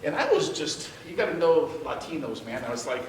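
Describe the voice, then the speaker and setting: A man teaching a church Bible class. He tells personal stories in an animated way, stammers and restarts, laughs as he talks, and drops his voice low for effect. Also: fairly quick, noisy background. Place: church sanctuary. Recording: roomy church sound picked up from a distance.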